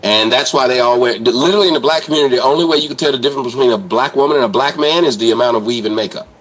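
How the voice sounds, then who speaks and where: A man's voice: mid-range voice, very fast, a bit bright, rough recording. A man hosting an online commentary show, ranting in a blunt, crude, mocking way.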